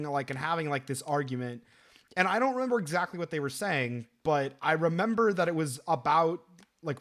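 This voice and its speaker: A man in his twenties casually telling a story, animated and profane, rambling with lots of fillers. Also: on the high side.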